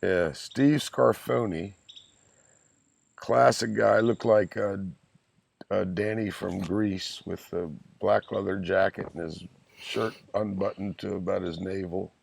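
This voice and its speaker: A man in his sixties telling lively stories from his youth in a casual chat, with salty language and chuckles. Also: low voice, slow pace, vocal fry. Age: 60s. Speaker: podcast guest, host's father. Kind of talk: casual storytelling.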